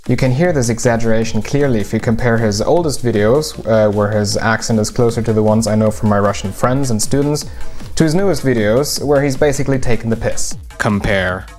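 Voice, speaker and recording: A man of middle pitch walks through phonetics in a relaxed, explanatory way. He is dry and lightly joking, and faint music plays behind him. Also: brisk. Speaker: linguistics teacher. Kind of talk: explanatory video lesson.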